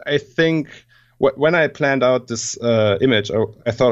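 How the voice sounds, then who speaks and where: German-accented man, halting and filler-heavy. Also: medium pitch, muffled recording. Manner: halting, lots of fillers and restarts, casual swearing. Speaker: guest CGI artist. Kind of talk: casual interview chat.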